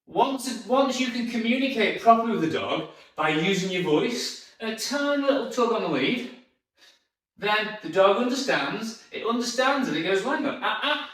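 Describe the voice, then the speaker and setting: A man's voice: sits high, animated, moderate pace, a bit bright. A man who trains dogs, explaining his rules to the camera in an emphatic, repetitive way, and praising the dog in a coaxing sing-song. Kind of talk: instructional talk to camera. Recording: very echoey, distant from the mic.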